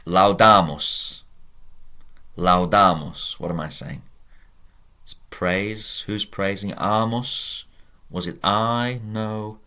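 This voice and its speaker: A man's voice: on the low side, slow pace, sharp tone, clean tone. A man teaching Latin at a whiteboard, patiently drilling verb endings aloud and encouraging his viewers. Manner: patient, drills conjugations aloud with rising emphasis; encouraging, addresses viewers directly. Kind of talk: whiteboard lesson.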